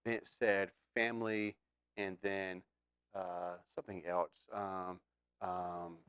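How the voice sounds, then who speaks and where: A man's voice: low voice, little pitch movement, slow, a bit bright, clean tone, dry recording, clean studio sound. Male pastor, chatty sermon delivery with fillers, resonant tone. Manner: conversational, questioning the congregation, with fillers.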